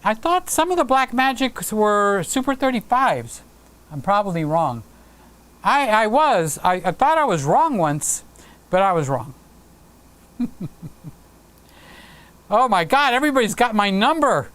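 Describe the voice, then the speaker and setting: A man's voice: sits high, big pitch swings, a little slow, pauses often, fairly bright tone, smooth. A man hosting a live stream, chatting casually and playfully with viewers and reading out their comments. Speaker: livestream host.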